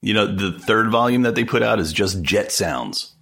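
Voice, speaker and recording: A male co-host with a low, slightly husky voice that swings widely in pitch as he jokes and rants. He talks in a loose, playful podcast-chat way. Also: moderate pace. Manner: animated, joking, rises in pitch when ranting. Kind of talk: casual chat.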